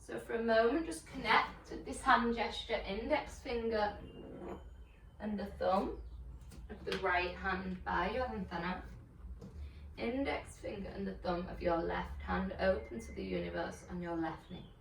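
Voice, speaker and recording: A woman teaching yoga, guiding breath and chanting in a slow, soothing, gentle way. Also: medium pitch, vocal fry, reverberant, distant mic, a little hiss or hum. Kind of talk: guided yoga and meditation instruction. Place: home room on a video call.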